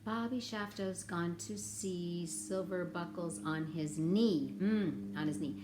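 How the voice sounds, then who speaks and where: A woman's voice: on the low side, slow pace, noisy background. A woman teaching a children's music lesson, chatting playfully to the kids and breaking into sing-along nursery rhymes. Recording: echoey room with ukulele.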